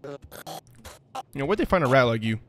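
A man's voice: medium pitch, very animated, a little slow, a bit bright. A young man hosting a let's-play, joking, swearing and laughing as he reacts. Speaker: gaming video host.

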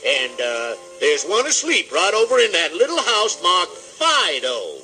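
A boastful, drawling rooster for a 1950s children's record, booming and repeating himself. His voice is high and swoops wildly, with music playing behind. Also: wildly swooping pitch, measured pace, bright, forceful tone, exaggerated voice. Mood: blustering. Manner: drawling, self-satisfied, bossy. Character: blustering big southern rooster, boastful, folksy.

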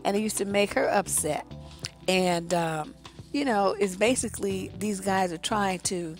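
A woman's voice: mid-range voice, a little slow, soft background music. A woman relationship coach giving blunt, profane, conversational advice straight to her audience. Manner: conversational, addresses the audience directly. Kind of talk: casual advice monologue.

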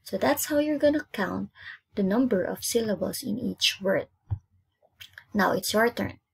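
A woman's voice: mid-range voice, lively intonation, measured pace, creaky, breathy edge. A woman from Indonesia teaching an English lesson, repeating each word twice and counting out its syllables. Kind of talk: classroom lesson, spelled-out syllables.

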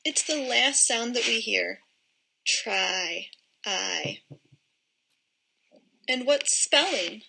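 Woman teacher doing phonics for little kids, super slow, stretches out every word, bright voice. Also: fairly high pitch, animated, vocal fry, slightly rough, rough recording. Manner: slow, drawn-out modelling of word sounds. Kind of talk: phonics lesson for young children.

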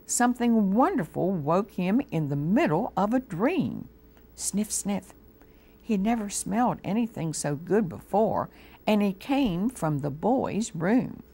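A woman with an American accent reading a storybook aloud to children on a TV show, slow and gently expressive. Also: deep voice. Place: TV studio.

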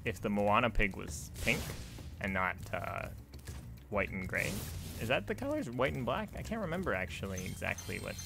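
A man giving casual, rambling commentary while playing a video game, chatty and quick to laugh. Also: on the low side, very animated, gravelly, over music. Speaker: let's play host.

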